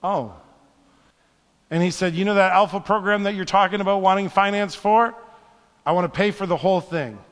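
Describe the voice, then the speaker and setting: A man preaching in a high, ringing voice, telling a personal story with quiet asides before rising into fervent calls to his listeners. His words carry a long reverb, like in a big sanctuary. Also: moderate pace, long pauses. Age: adult, married. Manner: animated storyteller, drops to hushed asides, builds to fervent exhortation. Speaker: pastor. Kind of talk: sermon with storytelling.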